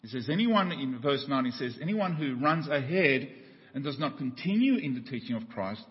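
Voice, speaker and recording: Australian pastor preaching in a reverberant church. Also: male voice, expressive, normal speed. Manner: preaching with a joke, voices climbing high in the tale. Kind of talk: sermon. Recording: dull church recording with long reverb.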